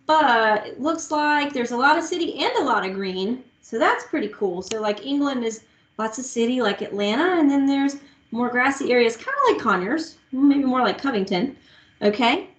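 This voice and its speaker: A woman teaching young children music, slow and patient, asking them to repeat words after her. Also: fairly high pitch. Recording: echoey room.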